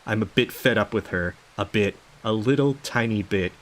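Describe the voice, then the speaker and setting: A man's voice: lowish voice, normal speed, lightly acted. A man reading out the lines of an unhinged, sleepless male doctor in a game, rambling and swearing. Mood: muttering. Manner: rambling, swearing, paranoid muttering. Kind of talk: reading game dialogue aloud.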